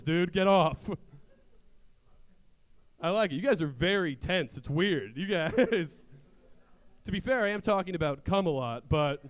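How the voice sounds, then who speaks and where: A young man doing a stand-up comedy set on a theater stage, crude and self-mocking in a loose, conversational way. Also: fairly high pitch.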